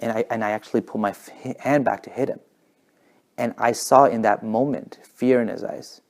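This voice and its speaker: A man telling stories in a casual talk, talking fast and animated, sometimes dropping to a whisper for effect. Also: lowish voice. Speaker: guest speaker.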